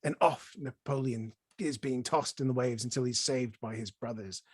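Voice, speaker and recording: A man hosting a chat show, excitably retelling a film scene by scene and dropping his voice for effect. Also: medium pitch, normal speed, slightly rough, dry recording, studio quality. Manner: excitable storyteller, drops to near-whispers for effect. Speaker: podcast host. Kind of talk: enthusiastic film recap in casual chat.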